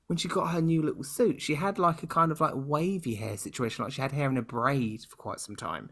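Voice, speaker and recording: British male co-host, mid-pitched, rambling and wry in casual chat. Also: big pitch swings, normal speed, fairly bright tone. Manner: chatty, rambling, playfully sarcastic. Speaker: podcast co-host.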